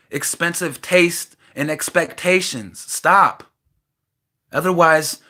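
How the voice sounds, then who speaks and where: A man's voice: fairly high pitch, bright, forceful tone. A man venting in an impassioned, profane monologue to the camera. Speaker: vlogger.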